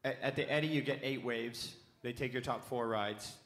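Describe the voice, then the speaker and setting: A man's voice: medium pitch, moderate pace, fairly bright tone. A middle-aged man on a live panel telling a long, rambling story, swearing freely and losing his thread.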